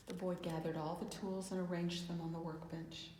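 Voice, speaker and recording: A woman reading a children's picture book aloud in a calm, gentle manner, closing with reflective questions. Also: on the low side, moderate pace, hardly any pauses, echoey room, in a large hall, slight background noise. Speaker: children's storyteller. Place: church hall.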